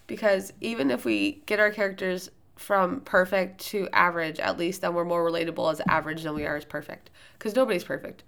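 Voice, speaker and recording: A loud-voiced woman hosting a podcast, giving writing tips in casual, rambling solo talk with plenty of fillers and restarts. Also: on the low side, steady tone, a little fast, vocal fry, hardly any pauses.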